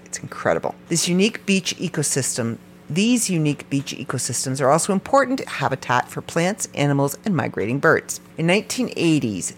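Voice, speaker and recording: Animated podcast host, playful asides. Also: a little hiss or hum. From Canada. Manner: reads facts, then breaks off into playful, joking asides; animated, with sudden jumps up and down in pitch. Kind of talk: podcast narration read from notes.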